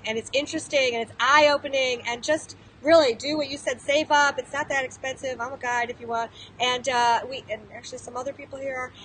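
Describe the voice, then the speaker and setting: A woman guide talks outdoors with upbeat, encouraging energy. Her voice sits high, and faint background noise hangs behind her. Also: a bit bright, low-quality recording. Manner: enthusiastic, encouraging. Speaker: tour guide.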